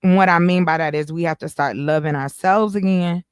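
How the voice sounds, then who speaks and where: A woman hosting a casual live stream, animated and joking, swearing freely. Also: fairly low pitch, a little fast, clean tone, no echo. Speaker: stream host. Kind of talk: casual chat.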